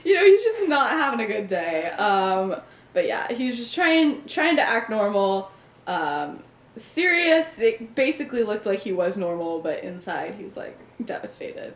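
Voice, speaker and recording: A woman's voice: mid-range voice, very animated, measured pace, slight background noise. A young woman co-hosting a podcast, casually retelling a story in a chatty way with lots of "like" and frequent laughter. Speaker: podcast co-host. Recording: roomy echoey room.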